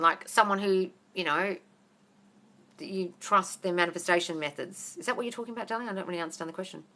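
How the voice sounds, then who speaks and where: A woman answering viewers' questions on a live phone stream, talking fast and bluntly, swearing and calling everyone darling. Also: mid-range voice, sharp tone. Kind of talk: casual live Q&A.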